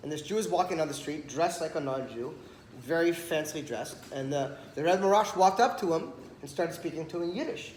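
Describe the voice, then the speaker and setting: Speaking a little fast in a slightly high voice, this man tells a Torah story with animation, voicing the dialogue himself. Echo and some background noise come through in the recording.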